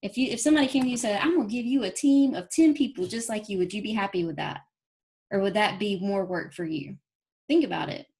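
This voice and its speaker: A woman's voice: mid-range voice, a little mellow. Earnest woman giving a pep talk. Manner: folksy, earnest, fast-moving pep talk. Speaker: guest speaker on a team training call. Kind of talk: motivational talk. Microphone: phone or call audio.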